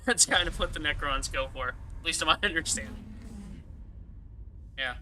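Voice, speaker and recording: A man's voice: a little high, moderate pace, bright, forceful tone, a little hiss or hum. A man giving casual, rambling gameplay commentary, laughing often and swearing freely. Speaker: gaming streamer.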